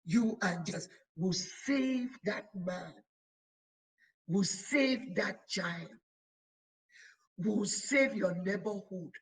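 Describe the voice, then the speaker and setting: A woman's voice: mid-range voice, expressive, husky, low-quality recording. A woman bishop preaching a sermon, building emphasis through repeated phrases. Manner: emphatic, repetitive exhortation; slow, deliberate delivery with stretched words.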